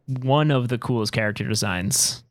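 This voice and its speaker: A man's voice: mid-range voice, normal speed, dry recording. A man co-hosting a podcast, giving earnest opinions in casual chat. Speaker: podcast co-host.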